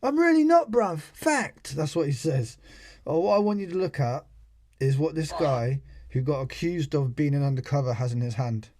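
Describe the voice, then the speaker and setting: A man's voice: medium pitch, normal speed, dark tone. A British man casually commentating over a video clip he plays for viewers, talking in a sarcastic way full of rhetorical questions. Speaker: channel host.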